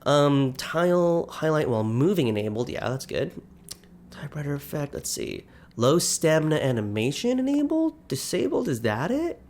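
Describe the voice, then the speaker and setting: A man's voice: a little high, sing-song, moderate pace, a little mellow. A man giving casual, self-deprecating commentary while playing a farming game, chatting to his viewers and a little out of breath. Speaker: let's play gamer.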